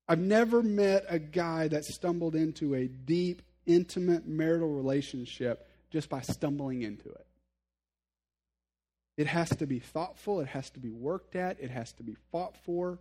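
A man's voice: fairly high pitch, dark tone. A male pastor giving a sermon in a conversational, earnest way, speaking straight to his listeners and poking fun at himself. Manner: conversational, self-deprecating humor; addresses listeners directly, earnest.

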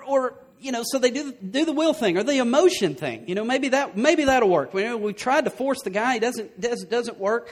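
A man preaching to his church with a voice pitched well above most men's. He is animated and emphatic, and he keeps tossing rhetorical questions at the congregation. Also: fairly quick. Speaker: pastor. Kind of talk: sermon.

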